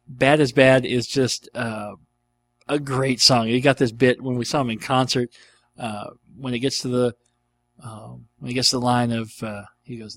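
A man's voice: mid-range voice, a bit bright, no echo. Rambling middle-aged man with dry sound. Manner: rambling and enthusiastic, with frequent fillers. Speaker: podcast host answering listener questions. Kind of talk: casual chat.

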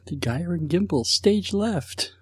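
A man's voice: high-pitched, expressive, takes it slowly, husky, dry recording, studio quality, voice pushed up, full character voice. A man putting on a theatrical cartoon lion voice, a self-aware bad impression. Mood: hammy. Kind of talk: podcast impression.

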